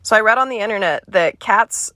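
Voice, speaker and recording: A woman casually explaining in a home video about her cat, amused and unhurried. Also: medium pitch, lively intonation, heavy background noise.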